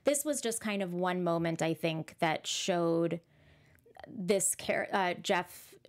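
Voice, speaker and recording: A woman's voice: on the low side, slow pace. Chatty woman guest, lots of restarts. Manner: chatty, many restarts and fillers, lively when quoting herself. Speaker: actress and puppeteer, guest. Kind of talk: casual interview chat.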